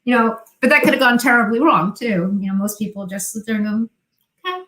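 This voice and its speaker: Talking fast in a slightly high voice, a New Jersey–accented woman joins a video call as a guest and chats casually. She's an animated storyteller who performs the dialogue she quotes, and her room sounds echoey.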